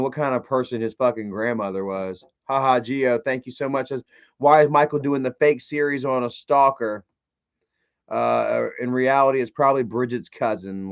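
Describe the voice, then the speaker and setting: A man's voice: mid-range voice, dull audio. A man hosting a livestream, rambling with many fillers and making sarcastic, profane remarks. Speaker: livestream host. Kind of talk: casual live-stream commentary.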